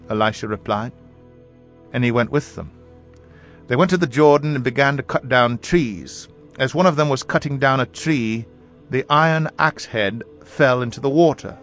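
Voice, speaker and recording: A man reading scripture aloud in a measured, solemn manner. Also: mid-range voice, a bit bright. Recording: faint music behind.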